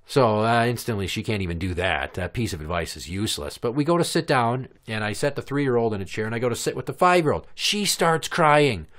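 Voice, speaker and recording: Man, thirties, podcast host, sarcastic, swears a lot, lively up-and-down pitch. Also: a little fast, few pauses. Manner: profane, sarcastic, mimics kids in a high voice. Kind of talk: casual storytelling chat.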